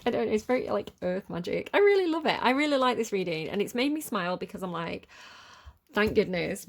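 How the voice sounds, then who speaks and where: A woman in her thirties giving a casual tarot reading, chatty and rambling, laughing often between her words. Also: mid-range voice. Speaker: tarot reader.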